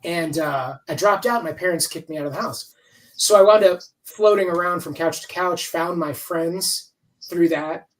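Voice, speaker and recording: Over a video call, a fifty-something comics writer gives a casual interview, rambling and candid, swearing freely. His fairly high, fairly bright voice moves at a moderate pace, heard through a distant mic with poor audio.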